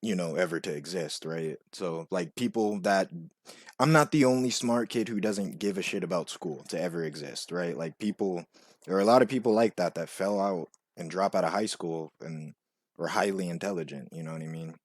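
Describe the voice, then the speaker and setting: Low-voiced young man, rambling storyteller. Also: moderate pace, no room sound, studio quality. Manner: rambling, filler-heavy with frequent "like" and "you know"; acts out quoted voices in a much higher pitch. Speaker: vlogger. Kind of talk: casual storytelling monologue.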